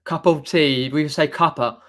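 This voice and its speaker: On a casual live stream, a young man with a Mockney accent reads viewer comments and rambles, restarting his sentences frequently. He hails from near London in southern England, and his voice is on the high side, unhurried and a touch bright.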